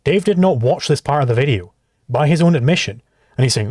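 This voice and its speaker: A man hosting a livestream, talking in an exasperated rant full of swearing. His voice sits at an ordinary pitch and sounds close and dry, with no room around it. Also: animated, brisk, darkish tone, no echo. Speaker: livestream host reacting to clips. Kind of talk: profane livestream commentary.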